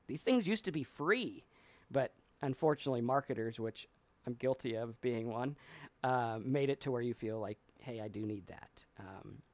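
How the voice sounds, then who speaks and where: A man's voice: medium pitch, darkish tone, no room sound. A man co-hosting a casual live talk, reading viewer comments and telling stories at length. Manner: rambling storyteller, acts out voices. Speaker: podcast co-host.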